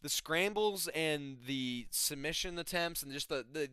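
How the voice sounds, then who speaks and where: A man's voice: on the high side, measured pace, sharp tone, smooth, no echo, clean studio sound. A young man recapping fights in a rambling, profane, casual way, often correcting himself. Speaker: MMA fight reviewer.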